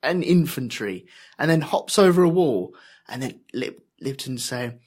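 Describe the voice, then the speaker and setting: A man co-hosting a casual podcast, discussing a TV episode in a thoughtful, measured way. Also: mid-range voice, expressive, darkish tone. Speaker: podcast co-host. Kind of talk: casual chat reviewing a TV episode.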